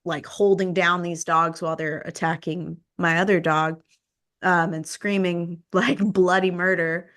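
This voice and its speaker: A woman podcast host, telling a story in casual conversation and acting out the quoted exchanges. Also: unhurried. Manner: animated, acts out quoted exchanges with rising pitch.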